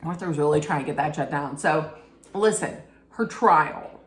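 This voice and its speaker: A woman's voice: sits low, moderate pace. A woman vlogger giving casual, frank commentary on a documentary, telling it like gossip and talking straight to the viewer. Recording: echoey room.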